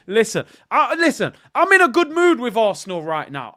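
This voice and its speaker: A young man hosting a casual live fan stream, swinging between low muttering and loud excited outbursts. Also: normal speed, few pauses. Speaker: football channel host.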